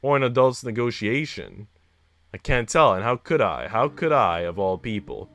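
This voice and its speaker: Expressive man reading a game aloud. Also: fairly low pitch, normal speed, no echo. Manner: expressive, reacts out loud. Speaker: streamer reading a visual novel aloud. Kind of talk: dramatic read-aloud with commentary.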